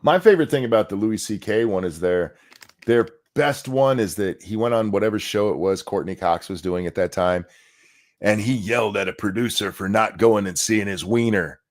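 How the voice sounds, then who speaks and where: A man's voice: on the low side, normal speed. A middle-aged man co-hosting a casual podcast chat, ranting with strong opinions. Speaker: co-host.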